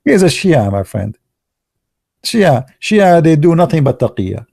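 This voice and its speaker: Gravelly-voiced man. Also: fairly high pitch, big pitch swings, darkish tone, dry recording, clean studio sound. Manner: halting, many fillers and restarts, sarcastic asides. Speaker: online commentator. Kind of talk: casual live commentary.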